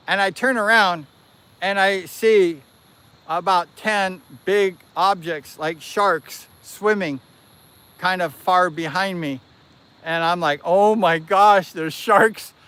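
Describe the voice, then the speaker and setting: Man, livestream host, high voice, clear and smooth, rambling casual anecdote. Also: dry recording. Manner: animated, rambling anecdote with self-corrections. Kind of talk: casual storytelling.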